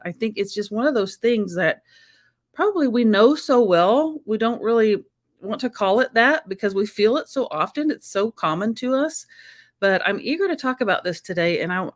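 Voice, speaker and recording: A woman hosting a live-streamed chat show, talking in an effusive, heartfelt way that is emotional and close to tears. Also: medium pitch. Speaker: host.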